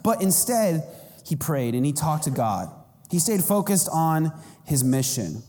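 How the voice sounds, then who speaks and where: A man preaching a sermon as pastor, animated and self-mocking, with big jumps in pitch. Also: measured pace, in a large hall. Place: church sanctuary.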